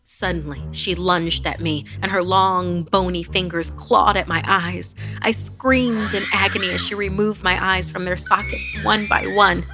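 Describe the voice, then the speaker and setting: Slow, gravelly woman narrating horror. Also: mid-range voice, fairly even intonation, over music. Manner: slow, hushed, eerie delivery with whispered passages. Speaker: horror podcast host. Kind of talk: dramatic horror story narration.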